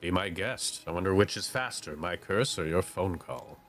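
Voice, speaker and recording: Male narrator as a scheming posh British gent; low, measured, lordly. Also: expressive, fairly bright tone, soft background music. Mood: grim. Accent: British put-on.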